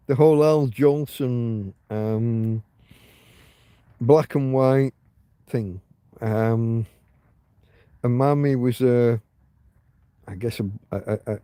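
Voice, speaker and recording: English male streamer, slow and mellow, rambling, hiccuping, dry close sound. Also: mid-range voice, dry recording. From England. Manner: rambling, swearing, trailing off with ums. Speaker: livestream host. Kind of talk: casual livestream chat. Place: home.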